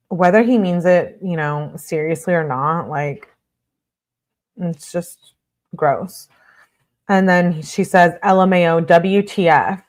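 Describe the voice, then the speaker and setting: Woman, fairly low voice, true-crime host, reading texts aloud, brisk, blunt asides. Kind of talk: reading text messages aloud with commentary.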